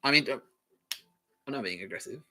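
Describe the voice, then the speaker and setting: Aussie guy ranting on his podcast, swears a lot, laughs at his own jokes, sharp bright tone. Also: medium pitch, animated, a little fast. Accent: Australian. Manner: profane, sarcastic, self-mocking, laughs often. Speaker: podcast host. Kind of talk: rambling comedic monologue.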